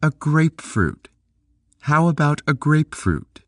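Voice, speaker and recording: Guy doing a sassy tough young woman, high voice, blunt, swears a lot, audiobook. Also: very animated, a little slow, no echo, clean studio sound. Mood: brash. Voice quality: brash, swearing, teasing.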